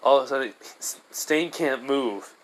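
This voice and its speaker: A man's voice: medium pitch, normal speed, fairly bright tone, poor audio. Man, casual story retelling, rambling, fillers, restarts.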